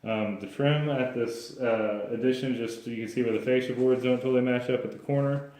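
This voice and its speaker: A man's voice: mid-range voice, fairly even intonation, fairly quick, a little mellow. A man working as a home inspector, explaining his findings to a client in a plain, practical way with frequent restarts. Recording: echoey room.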